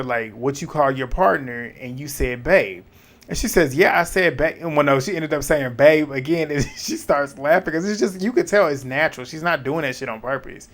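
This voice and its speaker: A man casually recapping a reality dating show, retelling scenes with lively quoted dialogue and blunt asides. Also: a little high, vocal fry. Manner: animated retelling with quoted back-and-forth and asides.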